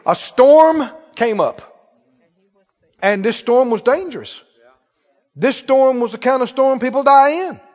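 A man's voice: very high voice, expressive, measured pace, pauses often, a little mellow. Male preacher, playful and emphatic, in an echoey hall with a dull recording. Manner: rhetorical questions, playful and emphatic. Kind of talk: sermon.

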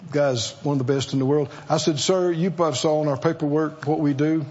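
Male preacher, call-and-response sermon, high voice, slow delivery, muffled lo-fi sound. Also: steady tone, a little mellow. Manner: call-and-response, rhetorical questions to the congregation.

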